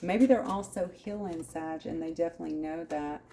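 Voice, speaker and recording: Tarot reader, woman, low mellow voice, chatty asides, light hiss behind. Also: moderate pace. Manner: conversational, musing aloud, frequent asides. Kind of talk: channeled tarot reading.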